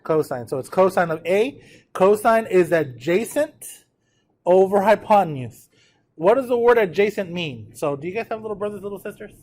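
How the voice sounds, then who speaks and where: At a moderate pace, the trigonometry teacher speaks in a high, expressive, slightly mellow voice. He often checks in with the class and asks everyone to repeat terms aloud as pronunciation drills.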